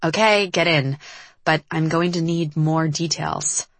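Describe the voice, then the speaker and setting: A woman's voice: sits low, fairly even intonation, measured pace, no echo. A woman voicing a young woman who is a blunt, worried best friend, pressing for answers. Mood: concerned.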